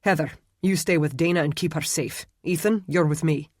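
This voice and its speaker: A man's voice: a little high, fairly even intonation, moderate pace, a little mellow, dry recording, studio quality, close to an everyday voice. A man voicing a grim, protective immortal man who speaks curtly and gives orders. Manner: curt, commanding.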